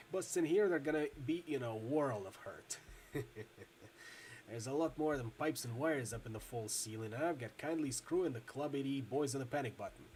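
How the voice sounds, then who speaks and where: A man reading a video game aloud and voicing a loud, jokey, hungover rigger-doctor in his forties with a loose Midwestern accent. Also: medium pitch, a little hiss or hum, lightly acted. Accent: loose Midwestern American. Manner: boisterous, loud, jokey, laughs a lot.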